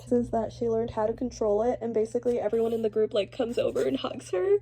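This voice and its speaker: Chatty young woman with a mellow voice. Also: fairly high pitch, fast, few pauses, breathy edge. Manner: chatty, animated, swings between gushing and ranting. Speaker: book vlogger. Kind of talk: casual reading reaction vlog.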